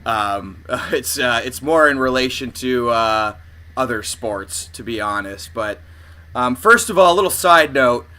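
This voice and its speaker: A man's voice: mid-range voice, animated, measured pace, bright, forceful tone. A man co-hosting a comedy podcast, rambling casually with many "uh"s. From Canada. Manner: rambling, with frequent "uh" and laughter. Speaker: podcast co-host. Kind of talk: casual chat.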